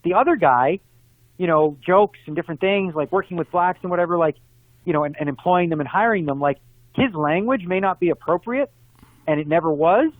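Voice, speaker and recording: A man calls in as an interview guest, his voice a touch higher than most. He talks fast and animated, making his case through examples. The line sounds tinny and phone-like, completely dry with no room around it. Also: no echo. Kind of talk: casual interview conversation.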